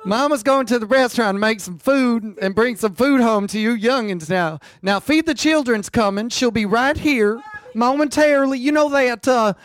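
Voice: mid-range voice, normal speed, no room sound, studio quality, lightly acted. A performer playing a neglectful, drunk hillbilly mother, drawling, coaxing and cursing.

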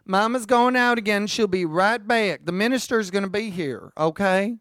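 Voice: medium pitch, normal speed, a bit bright, lightly acted. A performer playing a neglectful, drunk hillbilly mother, drawling, coaxing and cursing.

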